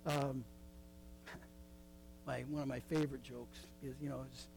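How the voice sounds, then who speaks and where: A man's voice: medium pitch, little pitch movement, takes it slowly, vocal fry, darkish tone, faint music behind, low-quality recording. A middle-aged man preaching a sermon in a conversational way, with frequent asides and fillers. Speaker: pastor.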